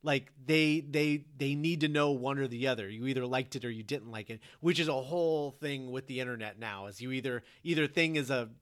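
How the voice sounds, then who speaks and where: A man's voice: medium pitch, fairly quick, few pauses, a bit bright. A man in casual conversation who explains his points at length in a lecturing way. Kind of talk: casual chat.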